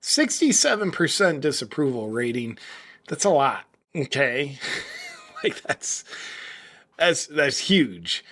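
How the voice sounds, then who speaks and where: A man's voice: on the high side, wildly swooping pitch, takes it slowly, pauses often, fairly bright tone, slightly rough. A man in his forties hosting a political commentary video, mocking and sarcastic, switching into an ad read. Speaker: host.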